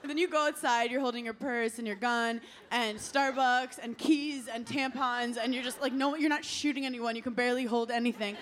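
A woman's voice: fairly high pitch, fairly even intonation, brisk, few pauses. A young woman doing a stand-up comedy set, brash and playful, laughing through her punchlines. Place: comedy stage before a live audience. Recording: loud live crowd and noise.

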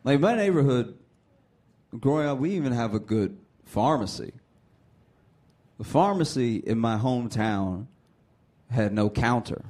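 A man in his thirties from Louisiana doing a stand-up set, telling stories with acted-out voices and shouted punchlines. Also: mid-range voice, unhurried, long pauses. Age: 30s. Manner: animated storytelling, acting out voices, building to shouted punchlines. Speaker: stand-up comedian. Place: theater stage. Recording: live stage with audience noise.

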